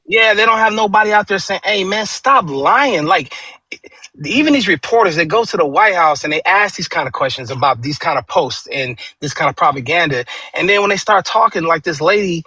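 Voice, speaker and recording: A man's voice: fairly high pitch, expressive, fairly quick, pushed and bright, breathy edge, dry recording. A man talking politics in an emphatic, profane way, stumbling over restarts before landing his point. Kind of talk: casual political chat.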